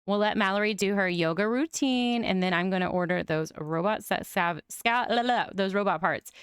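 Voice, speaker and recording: A young woman commenting on her life-simulation game, gushing and often breaking into excited squeals. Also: medium pitch, normal speed, clear, resonant tone, no echo. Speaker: gaming YouTuber.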